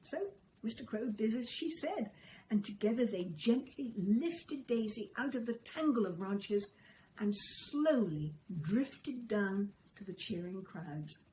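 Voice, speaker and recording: A woman telling a children's story, gentle and expressive. Her voice sits fairly high. A faint hiss of ambient noise runs under the recording. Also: low-quality recording. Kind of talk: storybook reading.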